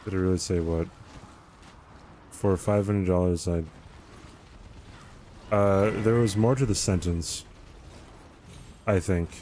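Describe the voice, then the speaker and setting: A young man with a low, mellow voice talks his way through a live game stream. He rambles loosely and answers viewer comments as they come in. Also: steady tone, slow pace, pauses often, slight background noise. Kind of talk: casual live-stream commentary while gaming.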